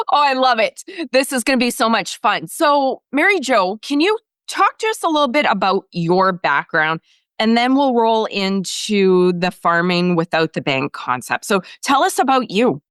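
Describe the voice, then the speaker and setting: A woman hosting an interview show, bubbly and passionate, with a loud, excited way of talking. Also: a little high, unhurried, clean tone, no room sound, studio quality. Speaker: podcast host.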